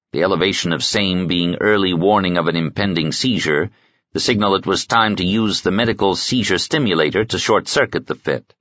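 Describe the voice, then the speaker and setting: A man narrating an audiobook in a measured, expressive reading on a close mic. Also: deep voice, dry recording, muffled recording.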